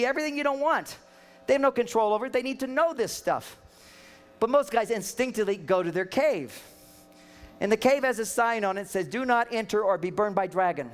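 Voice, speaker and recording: High-voiced man giving a joking seminar talk. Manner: joking, animated storytelling with acted quotes. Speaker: relationship speaker and counselor. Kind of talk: humorous seminar talk to a live audience.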